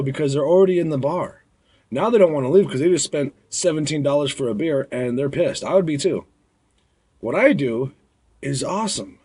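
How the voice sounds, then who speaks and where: A man's voice: a little high, a little mellow, slightly rough. A young man who works as a bar bouncer, telling stories in a blunt, rambling way and acting out drunk patrons. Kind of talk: casual storytelling vlog.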